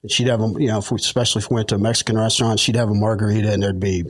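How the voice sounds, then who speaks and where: A man's voice: on the low side, flat delivery, very fast, dry recording. A middle-aged man, a podcast guest, telling stories in a rambling, chuckling way with lots of fillers. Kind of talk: casual storytelling.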